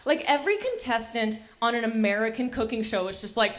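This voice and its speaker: A woman's voice: fairly high pitch, very animated, a little fast, few pauses. A woman in her thirties doing a stand-up comedy set, punchy and laughing at her own jokes, recorded on a handheld mic at a comedy club. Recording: noisy live club recording.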